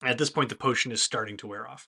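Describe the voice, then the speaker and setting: A man narrating a tabletop game as game master in a loose, relaxed way with fillers. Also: mid-range voice, fast talker, creaky, slightly rough.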